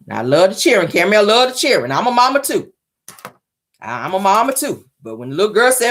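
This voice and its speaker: A woman's voice: medium pitch, quick pace. A woman vlogger giving casual, sassy celebrity gossip commentary from her car. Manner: sassy, animated, mocking impressions. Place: parked car. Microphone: phone or dashboard mic in a car.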